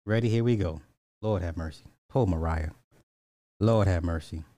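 A man's voice: deep voice, moderate pace, warm tone, no echo. A man, reacting to music clips in casual commentary, blunt and petty, drawing out repeated words. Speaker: reaction streamer.

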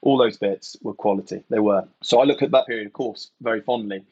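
A man from England with a low, husky voice answers questions in a relaxed, reflective way and leans on "you know" and "mate". The sound is dry and a little muffled, like a podcast recorded in a small, dampened room. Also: fairly quick, no room sound. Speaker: podcast guest, retired rugby player. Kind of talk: casual podcast chat.

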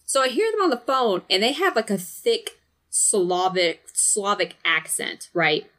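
A woman's voice: medium pitch, animated, unhurried, fairly bright tone. A woman telling a rambling, profane story in casual conversation, laughing often. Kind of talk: casual chat.

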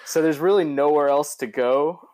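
A man's voice: fairly high pitch, normal speed, darkish tone. A young man co-hosting a podcast, rambling through casual chat with lots of fillers, restarts and laughs. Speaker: podcast co-host.

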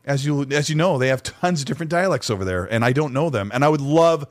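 A man co-hosting a casual gaming podcast, reading out chat messages in an animated, easygoing way. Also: medium pitch, quick pace, dry recording. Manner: animated, reads out chat messages, laughs easily. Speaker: podcast co-host.

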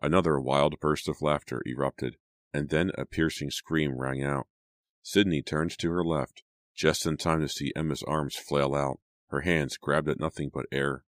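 A man narrating a teen horror audiobook in a steady, dramatic storytelling manner. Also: extremely low pitch, a little slow, dry recording.

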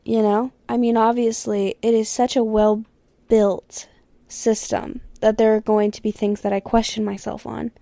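A woman's voice: fairly high pitch, creaky, warm tone, no echo. A young woman hosting a solo podcast, talking candidly and rambling, swearing freely and sometimes dropping to a whisper. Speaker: podcast host. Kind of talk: casual solo podcast chat.

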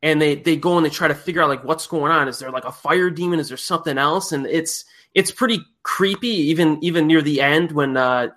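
A man's voice: a little high, brisk, hardly any pauses, a bit bright. A man hosting a casual movie podcast, retelling film plots with enthusiastic, rambling energy. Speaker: podcast host.

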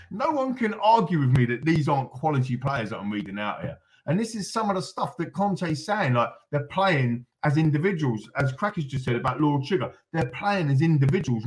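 A man's voice: on the high side, darkish tone, rough recording. A man ranting with passion on a fan podcast, reeling off lists and calling himself on a rant. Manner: ranting, emphatic, apologetic asides. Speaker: fan pundit guest.

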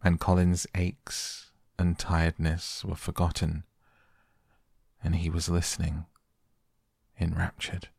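Deep, gravelly bedtime narrator. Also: male voice, completely flat delivery, a little mellow, no room sound, clean studio sound. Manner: slow, soothing. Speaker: audiobook narrator. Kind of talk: soft bedtime audiobook reading.

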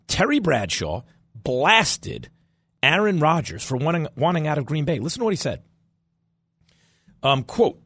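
A man hosting a sports talk podcast, wisecracking and animated, his voice a little worn today. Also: medium pitch, normal speed, husky, dry recording. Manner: animated, wisecracking, jumps between loud and soft. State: slightly losing his voice. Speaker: podcast host.

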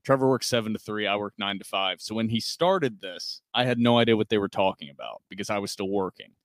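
A man's voice: on the low side, fast, no echo, clean studio sound. A young man co-hosting a podcast in casual chat, laying out timelines and arguments point by point. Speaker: podcast co-host.

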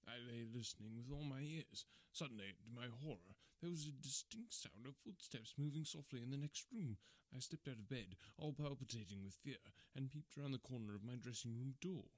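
A man reading a classic detective story aloud in a measured, formal storytelling manner. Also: medium pitch, expressive, dry recording. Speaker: audiobook narrator.

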